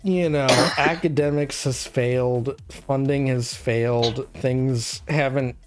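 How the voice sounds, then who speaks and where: A drunk streamer hosts a casual late-night chat in a slow, drawn-out, middling-pitched voice. They ramble, swear and trail off, hiccuping now and then, with faint music under the talk. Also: fairly even intonation. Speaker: streamer host.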